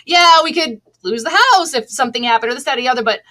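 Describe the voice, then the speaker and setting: A woman's voice: on the high side, expressive, rapid-fire, fairly bright tone. A middle-aged woman, an online seller, talking casually as an interview guest with a chatty, laughing manner and many restarts.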